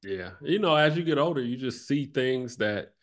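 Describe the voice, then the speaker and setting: A man in his thirties, a former basketball player, talking reflectively in an interview, loose and relaxed, often trailing off softly. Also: medium pitch, normal speed. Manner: relaxed, lots of "like" and "you know", trails off softly.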